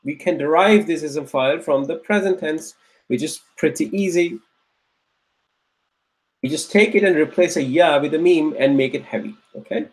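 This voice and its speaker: Writing on a board, an Arabic teacher with a somewhat high voice leads a grammar class. He patiently drills each word slowly, repeating it several times, and keeps checking that his students are following.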